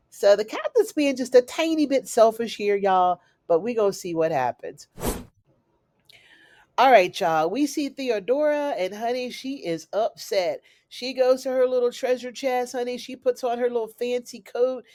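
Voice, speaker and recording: A woman giving a chatty, animated recap of a TV episode, calling her listeners "honey" and "y'all". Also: medium pitch, measured pace, dry recording. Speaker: recap host. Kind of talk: casual TV recap.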